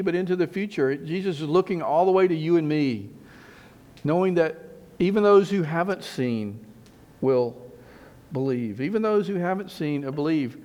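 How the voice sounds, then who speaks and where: A man preaching a sermon as pastor, emphatic, repeating phrases and slowing down on key words. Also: a little high, a little mellow.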